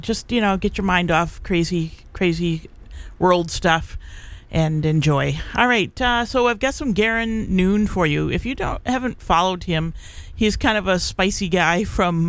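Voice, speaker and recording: In a dry recording, a fairly bright, mid-range voice belongs to a middle-aged community radio DJ talking casually on air in the studio. Their speech is halting and rambly, packed with "uh," "um," restarted sentences, and easy chuckles.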